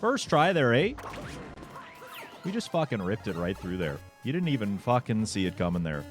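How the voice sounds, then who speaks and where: Cocky, foul-mouthed Canadian bloke, put on by a man, exaggerated accent, pitch jumping up, faint music behind. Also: sing-song, moderate pace. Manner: loud, cocky, tacks on "eh" and "bud". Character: brash swearing Canadian dude, male adult.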